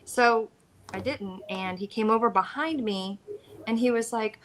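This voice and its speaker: A woman in her thirties with an American accent, co-hosting a casual live chat and telling a story with lively acted-out quotes. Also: medium pitch, moderate pace. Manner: animated storyteller, acts out quoted lines. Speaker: co-host of a reseller live chat.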